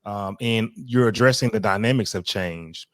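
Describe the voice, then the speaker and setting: A man hosting an interview, speaking in a measured way with hesitant fillers. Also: lowish voice, dry recording, clean studio sound. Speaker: podcast host.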